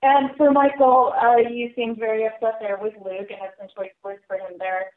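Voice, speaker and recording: A woman's voice: fairly high pitch, flat delivery, moderate pace. A woman reporter asking fighters polite, direct questions on a press conference call. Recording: tinny phone line.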